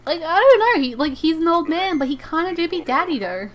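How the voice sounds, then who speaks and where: A young woman streaming a game, chatting casually in an excitable, rambling way, often stammering and repeating herself. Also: very high voice, fairly quick, faint music behind. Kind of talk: casual live-stream chat while gaming.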